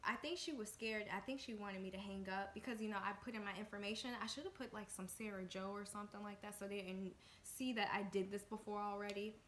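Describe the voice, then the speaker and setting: A young woman from the Washington, D.C. area telling a storytime vlog, excitable and chatty, with lots of fillers. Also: medium pitch, quick pace, few pauses. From Washington, D.C. area, USA. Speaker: vlogger. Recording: echoey room with faint noise.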